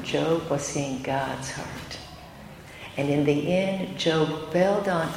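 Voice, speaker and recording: Brief: older woman, low voice, earnest testimony, big echoey hall with faint noise. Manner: earnest and emotional, with self-deprecating asides. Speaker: speaker giving a testimony. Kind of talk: testimony talk to a women's gathering.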